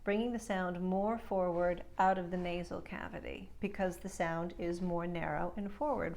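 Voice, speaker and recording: A woman speech coach teaching an accent lesson, demonstrating vowels and consonants in slow, deliberate, drawn-out words. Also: on the low side, steady tone, creaky.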